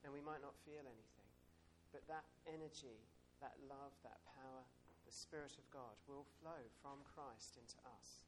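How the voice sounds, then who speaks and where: A man giving an informal sermon, talking it through in a relaxed, storytelling way. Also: medium pitch, moderate pace, hardly any pauses, background noise. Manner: conversational, warm storytelling with soft asides and chuckles. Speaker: preacher.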